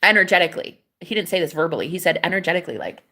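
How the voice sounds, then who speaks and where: This woman's voice is lowish, sing-song, bright and forceful, and she talks very fast. She's a manifestation coach delivering a rambling, swear-heavy, emphatic vlog monologue.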